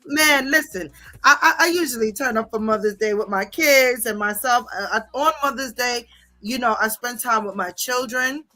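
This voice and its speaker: A woman with a high-ish, sharp voice rants heatedly on her livestream at normal speed while reading viewer comments. She is profane and confrontational, repeatedly saying "okay?" and "bitch."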